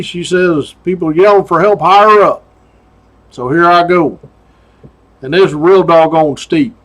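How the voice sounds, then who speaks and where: A man's voice: a little high, a bit bright. A middle-aged man, casually telling a story about his days as a state trooper in a folksy way. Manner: folksy drawl with "doggone" and chuckles.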